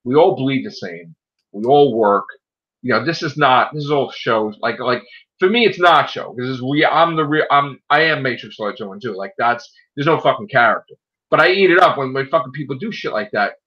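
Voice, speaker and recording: A man hosting his online show, talking in a loud, profane, animated rant in casual chat. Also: mid-range voice, a little fast. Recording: dull lo-fi sound.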